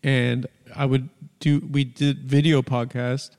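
A man's voice: mid-range voice, little pitch movement, slow, darkish tone, in a large hall. A man hosting a podcast, chatting casually and telling rambling, crude, comedic stories. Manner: rambling, storytelling, crude humor. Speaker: podcast host.

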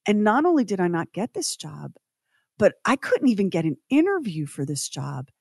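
A woman's voice: medium pitch, sing-song, normal speed, vocal fry, darkish tone, husky, no room sound, clean studio sound. A middle-aged woman, a podcast co-host and former TV writer producer, talking earnestly and emphatically in casual chat. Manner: earnest and emphatic, talks through her feelings.

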